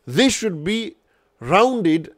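Male podcast host, fairly high voice, dry close sound, earnest advisory talk. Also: big pitch swings, drawn-out words, fairly bright tone, dry recording. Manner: earnest, advisory, many restarts. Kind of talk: casual podcast discussion.

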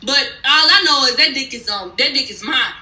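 Sharp, bright-voiced woman ranting in a recap. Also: high voice, lively intonation, normal speed, echoey room, low-quality recording. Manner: blunt, heated, swears freely. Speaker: reality TV recap vlogger. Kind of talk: casual profane storytelling recap.

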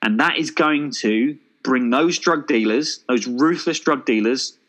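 A man, co-hosting a casual chat, pitching a made-up action film with jokey enthusiasm. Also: unhurried, a bit bright, low-quality recording. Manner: enthusiastic, jokey, thinks aloud with fillers. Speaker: podcast co-host.

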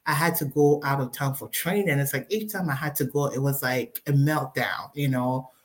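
A woman as a guest storyteller giving a personal faith testimony, animated and acting out dialogue with many fillers. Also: very deep voice, brisk.

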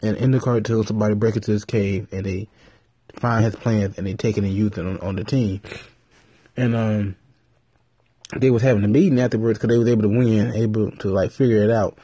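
A man talking casually on his vlog, rambling and cursing freely as he tells stories. His voice is husky and mellow, at a middle pitch. The recording is dry, with no room sound. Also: fairly quick, no room sound. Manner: rambling, profane, animated storytelling. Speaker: vlogger. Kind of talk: casual commentary.

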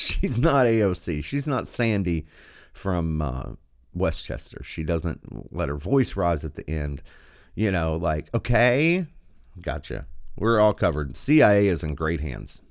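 A man's voice: deep voice, big pitch swings, normal speed, no room sound, clean studio sound. A man giving sarcastic, incredulous commentary, often stopping a video to react.

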